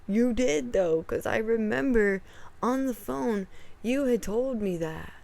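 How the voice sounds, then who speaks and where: A young woman vlogger retelling a family argument in a storytime vlog, exasperated and animated, acting out both sides of the quoted dialogue. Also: on the high side, slow pace, creaky.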